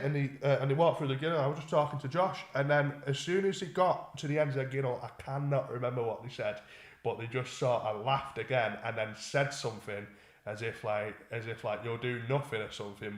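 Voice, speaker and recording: A man's voice: mid-range voice, steady tone, a little fast. A young man, co-hosting a podcast and telling a story in casual chat, swearing and restarting often. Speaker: podcast co-host. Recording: echoey room.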